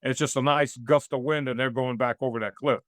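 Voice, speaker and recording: A man's voice: mid-range voice, fairly even intonation, fairly quick, a bit bright, no echo, studio quality. A man raised in the United States, a guest giving political commentary in an interview, talking in long rambling runs full of fillers and restarts, with a sarcastic edge.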